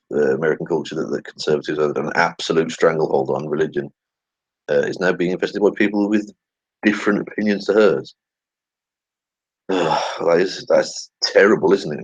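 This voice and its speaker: A man with a low, husky voice gives sarcastic running commentary, swearing freely and muttering asides as he reads tweets aloud. His voice sits dry and close, caught on a dull, lo-fi home recording. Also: normal speed, pauses often, dry recording. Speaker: channel host.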